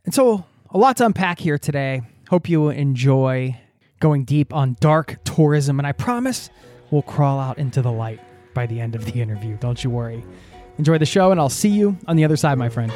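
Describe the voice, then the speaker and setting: A man's voice: mid-range voice, lively intonation, moderate pace, a little mellow. Male podcast host, upbeat and casual, faint music underneath. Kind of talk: podcast intro and casual interview.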